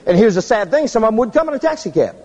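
High, lively-voiced male preacher. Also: rapid-fire, big-room sound, highs cut off. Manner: animated, jumps to high squeaky tones for effect. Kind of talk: humorous sermon storytelling.

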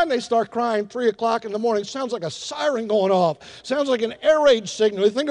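An older man preaching a sermon in a church, telling folksy stories with emphatic shifts in loudness. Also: very high voice, a little fast, hardly any pauses. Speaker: pastor. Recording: long hall reverb.

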